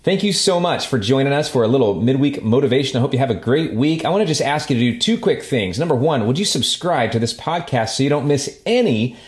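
A man's voice: mid-range voice, expressive, fast, few pauses. A man closing a church podcast, speaking directly to the listeners. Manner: friendly, direct appeal to listeners. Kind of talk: podcast sign-off. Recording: roomy echo.

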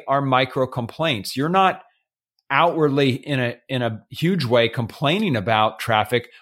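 A man hosting his own show, talking alone in an earnest, measured way with the odd hesitant filler. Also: medium pitch, fairly bright tone. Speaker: podcast host. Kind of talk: reflective solo monologue.

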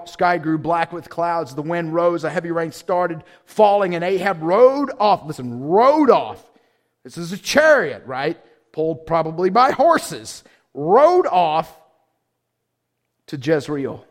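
A man's voice: a little high, very animated, takes it slowly. A man preaching a sermon, reading scripture aloud and breaking in with playful, slangy asides.

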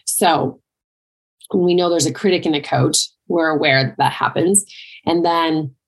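A woman's voice: low voice, measured pace. A middle-aged woman, a triathlon and life coach, giving a conversational motivational talk full of "like" and "right?" asides. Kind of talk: motivational monologue.

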